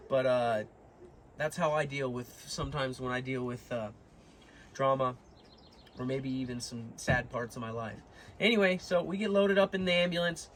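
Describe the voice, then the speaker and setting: A man's voice: fairly high pitch, fairly bright tone, a little hiss or hum. A young man telling a long story to his viewers in a casual, rambling way, full of fillers and restarts. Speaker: vlogger.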